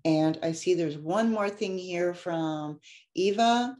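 A woman's voice: on the low side, takes it slowly, darkish tone, roomy sound. A woman life coach giving an effusive, heartfelt motivational talk to an online audience. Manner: effusive and heartfelt, gets emotional.

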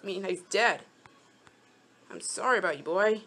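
Expressive and pushed bright, her mid-range voice keeps a normal speed. The young host of a mobile game channel rambles casually during play, talks directly to the game characters, and gets frustrated easily.

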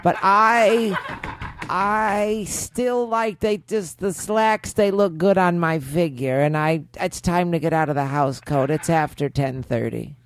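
A man's voice: sits high, slow. A man voicing a chatty, prim older woman in a housecoat who rambles on about her slacks and her knee. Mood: prim rambling.

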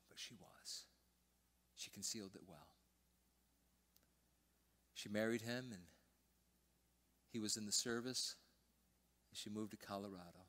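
An older male pastor with a fairly low voice, preaching a sermon in a church. He tells his story with sudden loud emphasis, then drops to a hushed near-whisper. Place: church sanctuary.

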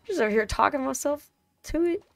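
A woman's voice: sits high, gravelly, no room sound. A woman streaming a game, muttering to herself in casual chatter and breaking into sudden frustrated outbursts.

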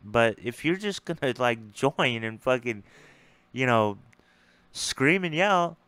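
Annoyed guy venting, blunt and cussing, smooth clean voice, dry close sound. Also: medium pitch, lively intonation, a little slow, fairly bright tone, dry recording. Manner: frustrated, blunt and profane, repeats words. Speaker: streamer responding to a debate. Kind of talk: casual ranting monologue.

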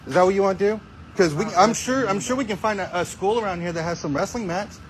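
A man confronting someone face to face with a rapid string of pointed questions. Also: high-pitched, slight background noise, low-quality recording.

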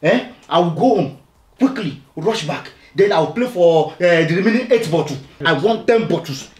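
A man's voice: a little high, lively intonation, moderate pace, a little mellow, close to an everyday voice. A man playing a bragging big spender. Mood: pleading. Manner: showy, wheedling. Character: boastful man bragging about money. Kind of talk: film comedy acting.

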